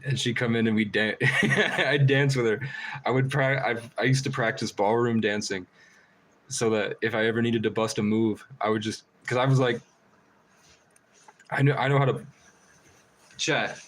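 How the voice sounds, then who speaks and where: A man's voice: medium pitch, fairly even intonation, moderate pace, pauses often, a bit bright, rough recording. A man chatting casually on a live stream, rambling and swearing, and laughing often between stories.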